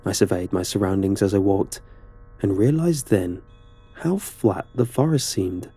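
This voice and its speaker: A man narrating a horror story in a steady, measured way. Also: on the low side, husky, no echo.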